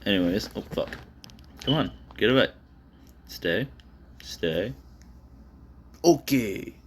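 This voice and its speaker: A man with a very low voice talks casually while he draws, rambling through fillers, swearing and putting himself down. He speaks into a phone propped on his desk. A faint hiss sits under the recording. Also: expressive, takes it slowly. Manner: self-deprecating, rambling, frequent fillers and swearing. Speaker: vlogger drawing on camera.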